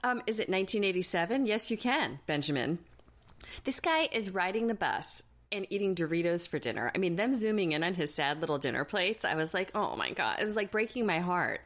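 A young woman co-hosting a casual recap podcast, animated and laughing often. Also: on the low side, brisk. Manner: animated, laughing, mimics people she talks about. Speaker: podcast co-host.

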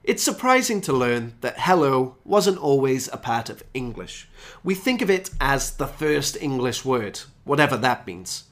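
A man hosting a podcast lesson for English learners, explaining phrases and slowing down to stress key ones. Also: medium pitch, big pitch swings, fairly bright tone. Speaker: English teacher and podcast host.

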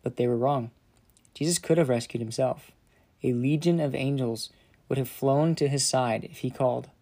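A man tells a children's Bible story in a medium pitch at a moderate pace. His storytelling is gentle and dramatic, softening during solemn moments.

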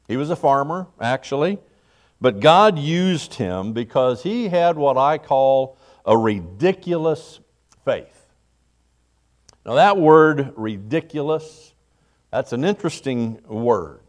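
A middle-aged man, a pastor, preaching a morning sermon in a folksy, conversational way, acting out little quotes. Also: mid-range voice.

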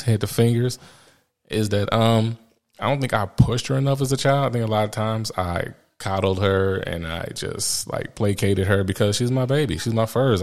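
A man in his thirties telling candid, rambling stories about becoming a father, laughing often as he talks. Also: lowish voice. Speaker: father sharing parenting stories. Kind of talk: casual personal storytelling.

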